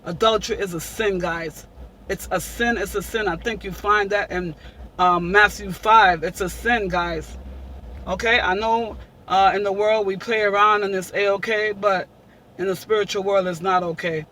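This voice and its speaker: A woman's voice: mid-range voice, steady tone, normal speed, pushed and bright, a little hiss or hum, poor audio. A woman hosting a casual vlog, talking emphatically and preaching, repeating her points. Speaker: vlogger.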